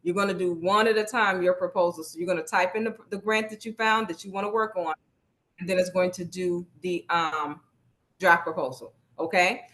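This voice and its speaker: A woman's voice: lowish voice, steady tone, moderate pace, a bit bright. A woman leading a live online workshop over a video call, speaking casually and encouragingly, repeating her instructions.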